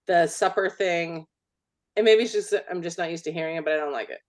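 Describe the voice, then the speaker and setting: Opinionated californian woman, low voice. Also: fast. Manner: opinionated, swears freely, lots of "like". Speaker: podcast co-host. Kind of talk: casual chat.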